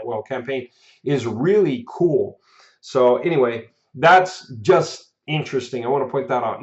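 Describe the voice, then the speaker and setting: A man giving a casual video update as the host of a marketing course. He has the hiccups, laughs often and rambles. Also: on the high side. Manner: chatty, laughs often, restarts and fillers. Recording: echoey room, dull lo-fi sound.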